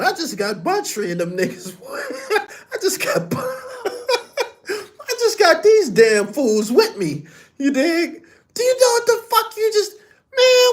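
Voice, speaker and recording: Male host doing an exasperated gang-tied label boss, shrill and high, chewing someone out. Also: creaky, a bit bright, exaggerated voice. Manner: exasperated scolding, laughing through it. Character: furious middle-aged male gang-tied music boss.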